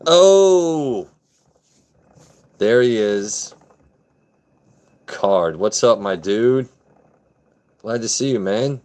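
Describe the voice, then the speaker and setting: A man's voice: lowish voice, slow pace, long pauses, a little mellow. Laid-back joking male livestream host. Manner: laid-back, joking, chats with viewers by name. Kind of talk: casual chat with live chat viewers.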